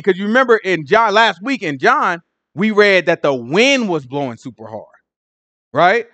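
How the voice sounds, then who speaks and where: Animated high-voiced man teaching scripture. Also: no room sound. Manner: animated storytelling, acting out the scene in voices. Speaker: Bible study teacher. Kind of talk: casual Bible study teaching.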